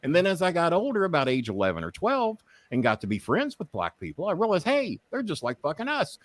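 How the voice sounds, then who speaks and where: A man's voice: on the high side, fairly quick. A man who is a podcast guest, telling candid stories in a profane, impassioned way that grows heated as he rants. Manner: profane, impassioned, animated when ranting. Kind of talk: candid storytelling.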